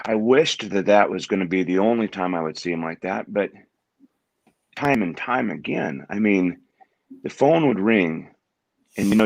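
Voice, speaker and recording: Low gravelly man, halting speech. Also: dry recording. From Washington State, USA. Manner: halting, repeats words as he restarts sentences. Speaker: guest. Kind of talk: conversational interview.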